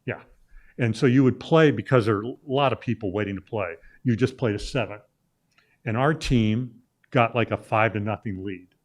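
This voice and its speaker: Low-voiced man spinning a rambling anecdote. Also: normal speed. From Illinois, US. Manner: rambling anecdote with many "uh" fillers and restarts. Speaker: guest, sports journalist. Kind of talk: casual storytelling in a talk interview.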